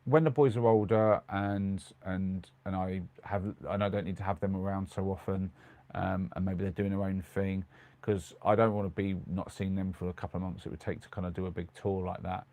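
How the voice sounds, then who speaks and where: A middle-aged British man chats casually on a live stream at night from his small converted van, reading comments and rambling with lots of ums and restarts. His voice sits low with a steady tone, slightly mellow, and runs a little fast.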